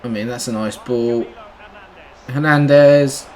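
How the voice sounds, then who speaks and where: A young man commentating live on his own football video game match, sarcastic and easily frustrated. He swings between low muttering and loud outbursts. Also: fairly quick. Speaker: gaming YouTuber.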